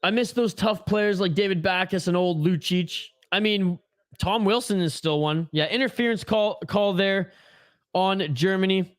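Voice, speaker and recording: A man with a high voice hosts a hockey watch-along stream, chatting and ranting casually with viewers as he comments on the game. He takes his time, and the dry recording has clean studio sound.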